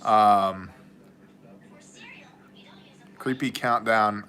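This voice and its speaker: A man hosts a casual livestream, answering viewer messages as they scroll by. His voice is bright and forward. He jokes, rambles and slips into mock voices. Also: lowish voice, fairly even intonation, drawn-out words. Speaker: livestream host and ministry leader.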